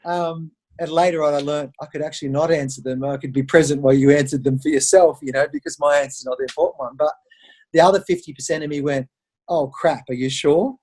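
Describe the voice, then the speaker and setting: Husky Australian man telling stories. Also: on the high side, fast. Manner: animated storyteller who acts out quoted voices. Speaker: podcast guest. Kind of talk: conversational interview storytelling.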